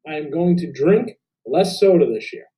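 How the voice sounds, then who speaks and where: A man's voice: fairly high pitch, lively intonation, moderate pace, warm tone, poor audio. A man teaching an acting lesson to students on video, upbeat and playful as he coaches and performs a sample monologue.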